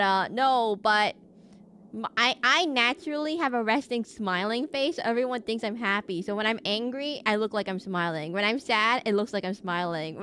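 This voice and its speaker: A woman's voice: medium pitch, a bit bright, a little hiss or hum. A young woman streaming live, chatting casually and rambling with many restarts. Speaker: VTuber streamer.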